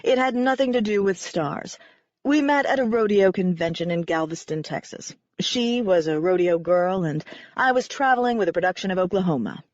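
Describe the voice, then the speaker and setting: A woman voicing a flamboyant, theatrical middle-aged warlock father who speaks in a slow, grandiose, pompous way. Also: fairly low pitch, lively intonation, no echo, natural voice. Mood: wistful, grandiose. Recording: dry, slightly dull recording.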